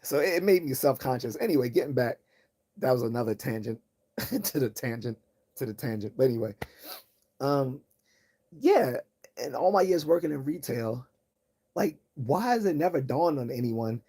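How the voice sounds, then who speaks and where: A man hosting a livestream, talking in a calm, low-key voice in a rambling, casual monologue full of restarts and tangents. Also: moderate pace, pauses often, slightly rough. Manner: tangent-prone, many restarts and repeated words. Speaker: livestream host.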